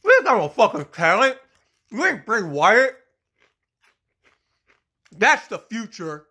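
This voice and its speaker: A man's voice: sits high, very animated, takes it slowly, sharp tone, husky. A man delivering an angry, profane, sarcastic rant as a wrestling fan vlogger, coughing now and then. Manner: sarcastic, mocking, swears a lot; coughs between phrases.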